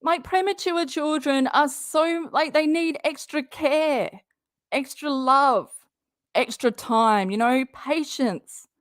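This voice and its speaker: A woman runs a live commentary stream. She talks slowly and bluntly, calls out her target directly, swears, and stops to answer chat comments. Her voice is dry and close, with no room sound. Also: high voice, dry recording. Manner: reads viewer chat comments aloud.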